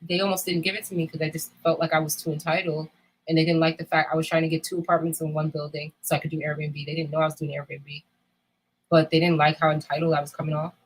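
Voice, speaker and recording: A woman with a low, husky voice talks in a candid, casual chat. She is blunt and emphatic, and she swears freely as she makes her points. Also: little pitch movement, fast, low-quality recording. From United States.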